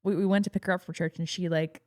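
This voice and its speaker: A woman's voice: on the low side, fairly even intonation, fast, a little mellow, no echo. A woman in her thirties co-hosting a podcast, chatting casually and giggling often as she rambles. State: pregnant. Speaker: podcast co-host. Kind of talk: casual chat.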